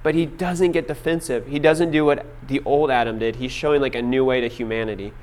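A man's voice: mid-range voice, steady tone, brisk, a little mellow. A young man preaching a casual sermon, telling stories with lots of filler words. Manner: casual storytelling with many fillers. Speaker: pastor.

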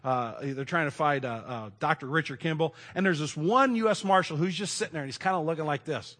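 A middle-aged man preaching a sermon in a conversational way, moving between loud emphasis and hushed asides. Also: a little high, a little fast. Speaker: pastor.

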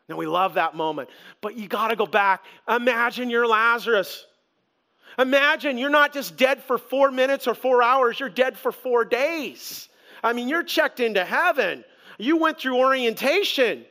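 A man preaching a sermon as pastor, animated and conversational, with humor. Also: high voice, moderate pace, clean tone.

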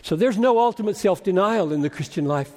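A man's voice: high-pitched, animated, fairly quick. Emphatic man preaching in a large hall. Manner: argumentative, emphatic, swings from loud urging to hushed. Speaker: pastor. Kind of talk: expository sermon. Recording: long reverb of a large hall.

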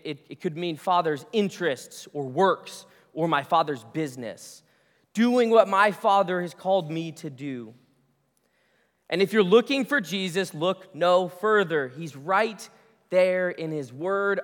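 A male pastor preaching a sermon in a conversational, storytelling way, often restarting his phrases. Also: sits high. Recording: long reverb of a large hall.

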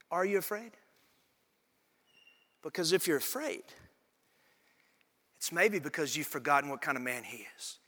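A man preaching a sermon in a church sanctuary, stacking repeated phrases as his emphasis climbs. His voice sits high and sounds bright and forceful. A long reverb from the large hall trails behind every line. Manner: preaching with rising emphasis and repetition. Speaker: pastor.

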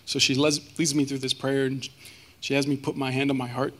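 A man's voice: medium pitch, flat delivery. Earnest man sharing a personal testimony. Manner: earnest, halting, with many fillers. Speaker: guest speaker.

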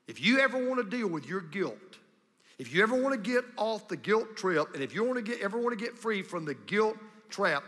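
A pastor preaching a sermon, emphatic and repetitive, with a storyteller's delivery. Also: male voice, high-pitched, lively intonation, brisk, pushed and bright. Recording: long reverb of a large hall.

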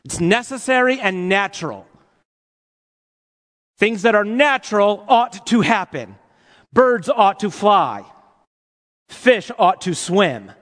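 A man preaching a sermon to his congregation in an animated, playful way, asking them rhetorical questions. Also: high voice, slow pace, pauses often. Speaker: pastor. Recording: long hall reverb.

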